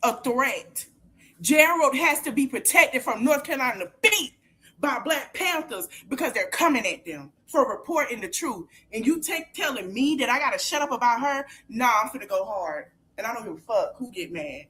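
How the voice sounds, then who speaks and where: A woman hosting a podcast livestream, ranting heatedly and profanely, repeating herself and shouting at times. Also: a little high, animated, normal speed. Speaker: podcast host. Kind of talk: angry livestream rant.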